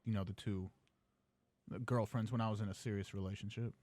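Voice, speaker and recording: A young man on a morning radio show, answering in hesitant, halting bursts of casual studio banter. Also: lowish voice, little pitch movement, darkish tone, dry recording.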